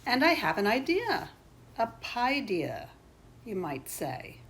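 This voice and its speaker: An older woman voicing a chummy, pun-making meatball friend in a children's storybook, in a high, bouncy voice. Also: wildly swooping pitch, slow, a bit bright, slight background noise, heavily acted. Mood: cheerful.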